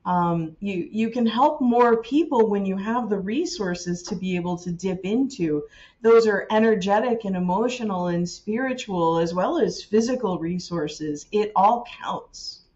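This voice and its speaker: A woman hosting a podcast, speaking in a warm, affirming, reflective way. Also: mid-range voice, measured pace, highs cut off. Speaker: podcast host. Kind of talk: casual conversation.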